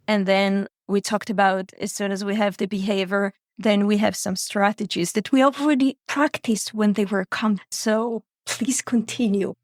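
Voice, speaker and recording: A woman's voice: medium pitch, dry recording, clean studio sound. Appreciative woman podcast host. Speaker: parent coach host. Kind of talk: podcast interview.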